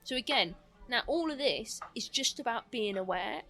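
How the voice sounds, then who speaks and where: A woman with a mixed British accent and a London twang, a slight lisp and a quick, animated way of talking, speaking as a guest coach mentor in a podcast conversation. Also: a little high, gravelly, faint music behind.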